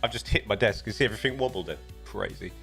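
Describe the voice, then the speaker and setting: A man's voice: lowish voice, fast, vocal fry, a bit bright, faint music behind. A man with a British accent chatting casually on a live stream, rambling and often restarting his sentences. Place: home desk setup.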